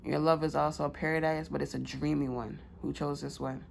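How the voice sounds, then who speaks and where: A woman's voice: sits low, level tone, a little fast, creaky, a little hiss or hum. A woman giving a casual pick-a-card tarot reading, loose and slangy with many fillers.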